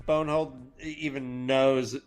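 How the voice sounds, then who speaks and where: A man's voice: mid-range voice, little pitch movement, slow pace. Brief: male co-host, casual, rambling and jokey, mid-range voice. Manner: rambling, joking recap full of acted paraphrase. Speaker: podcast co-host. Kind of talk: casual book-discussion chat.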